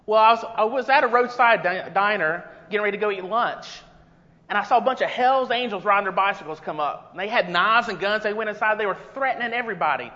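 A man's voice: high-pitched, quick pace, sharp tone. A preacher doing a boastful man at heaven's gate. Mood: boasting. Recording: long reverb, dull lo-fi sound.

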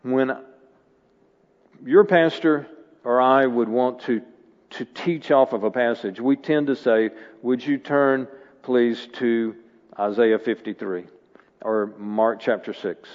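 A man's voice: mid-range voice, steady tone, slow pace, darkish tone. Earnest male preacher in a reverberant hall. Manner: earnest, rising to emphatic bursts. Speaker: guest preacher. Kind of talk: sermon. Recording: dull sound with long hall reverb.

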